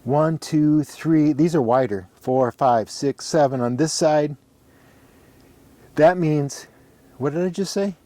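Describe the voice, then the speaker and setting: A man's voice: a little high, slow pace, dark tone, no room sound. A middle-aged man talking casually as he examines an ax handle, rambling and thinking aloud as he counts and points things out. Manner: rambling, talks to himself while counting and examining. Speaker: ax handle reviewer. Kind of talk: casual workshop show-and-tell.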